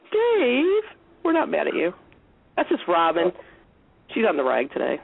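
A woman caller on a call-in talk show, teasing and giggly, with a husky voice. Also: on the low side, wildly swooping pitch, slow. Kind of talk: casual call-in chat. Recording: tinny phone line.

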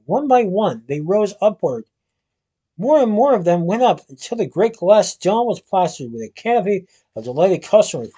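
A man reading a storybook aloud, with steady narration and the odd stumble. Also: high voice, breathy edge. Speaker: reader.

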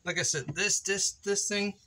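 Casual vlogger, man, very bright and animated, chatty and self-mocking, faint hiss behind. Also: sits high, moderate pace. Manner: playful, chatty, laughs at himself, talks to viewers by name. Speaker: woodworking vlogger. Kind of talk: casual chat to viewers while building. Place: kitchen table, indoors.

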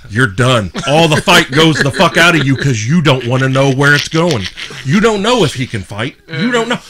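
A man hosting a podcast and telling stories in casual chat, animated and full of swearing. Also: mid-range voice. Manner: profane, animated storyteller. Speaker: podcast host.

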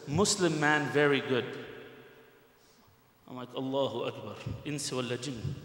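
A middle-aged man giving a Friday sermon, telling a personal story in an animated way and speaking straight to the congregation. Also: a little high. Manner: animated storyteller who addresses the congregation directly. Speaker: preacher. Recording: echoey hall with long reverb.

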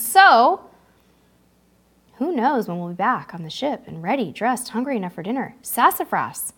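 A woman hosting a casual livestream, chatting brightly and reading out viewer comments with frequent laughs. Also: a little high, sing-song, normal speed. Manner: bubbly, reads viewer comments aloud, laughs often. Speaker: livestream host.

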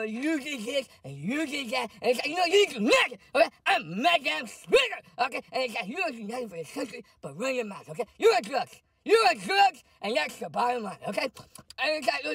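A man's voice: very high-pitched, vocal fry, a bit bright, husky, no room sound, clean studio sound, distant mic, full character voice. A man voicing a drunk, indignant older female politician who rambles and keeps repeating "it's like" and "okay". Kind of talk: comedic parody rant.

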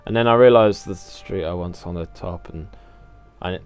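A man's voice: low voice, normal speed, soft background music. A young man casually commentating a video game, rambling, swearing and laughing at himself. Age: young adult. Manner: rambling, swearing, self-mocking, laughs often. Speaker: gaming channel host. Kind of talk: casual let's play commentary.

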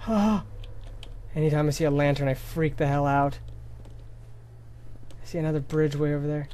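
A man's voice: fairly high pitch, fairly even intonation, moderate pace, long pauses, dark tone, slight background noise. A man commentating a horror game, jittery and swearing, often dropping to scared whispers. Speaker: let's play gamer.

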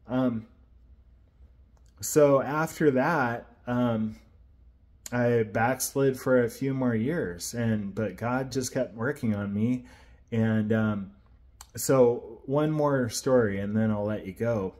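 A man's voice: mid-range voice, unhurried, darkish tone. A man sharing an earnest personal faith testimony, retelling events in a casual, rambling way.

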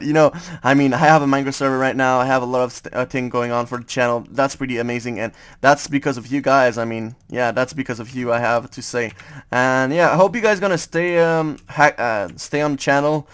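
A man's voice: mid-range voice, fairly even intonation, brisk, fairly bright tone, clean tone. A young man from France with a French accent, giving casual, hesitant gaming commentary full of fillers. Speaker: gaming YouTuber.

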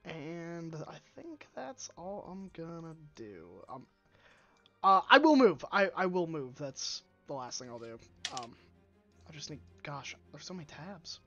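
A man taking his turn in a live-streamed tabletop game, talking through his options and often correcting himself as he goes. His voice sits fairly high for a man, and the recording comes through a dull, lo-fi mic. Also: very animated, a little slow, a bit bright, soft background music. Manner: thinks aloud, second-guesses himself mid-sentence. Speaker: player.

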